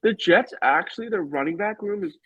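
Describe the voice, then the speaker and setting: A man's voice: high voice, fairly quick, slightly rough, no room sound, lo-fi sound. A man co-hosting a podcast, chatting casually about sports and jumping in with hot takes. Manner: excitable, jumps in with hot takes. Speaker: podcast co-host.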